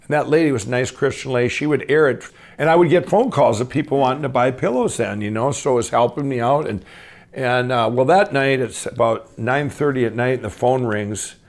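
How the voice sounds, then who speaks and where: Casting: middle-aged man, gravelly, mid pitch, rambling storyteller voice. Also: a little fast. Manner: rambling, animated, many fillers and restarts. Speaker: guest telling his life story. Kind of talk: casual storytelling.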